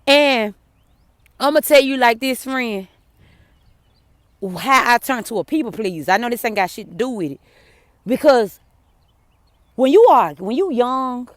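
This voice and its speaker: A woman telling a personal story to her viewers, blunt and cursing, swinging between heated outbursts and hushed apologies. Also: a little high, no echo, clean studio sound. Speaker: vlogger. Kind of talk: emotional personal storytelling to camera.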